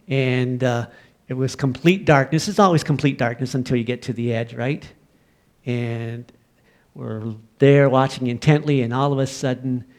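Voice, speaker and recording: A middle-aged Canadian man preaching a sermon, telling a story from his own childhood and building to loud, emphatic preaching. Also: mid-range voice, clean tone. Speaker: pastor.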